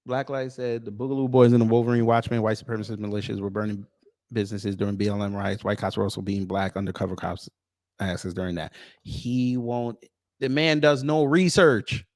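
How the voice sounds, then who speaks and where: A man's voice: fairly low pitch, fairly quick, no room sound, studio quality. A man from the United States giving a reaction commentary, incredulous and mocking as he talks. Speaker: YouTube commentator.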